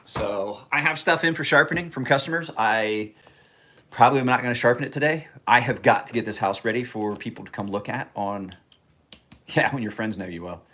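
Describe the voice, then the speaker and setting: A man's voice: medium pitch, fairly quick, bright, forceful tone, slight background noise. A man casually chatting on a livestream from his home kitchen, rambling and joking as he talks. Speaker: knife sharpener and livestream host.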